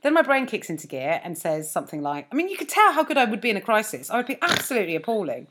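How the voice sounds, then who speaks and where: A woman in a relaxed chat who tells funny stories against herself and acts out what each person said. Her voice is bright and slightly husky, with lots of ups and downs in pitch. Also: very fast. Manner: self-mocking storytelling, acts out both sides of conversations. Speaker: podcast co-host and comedian. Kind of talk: casual chat.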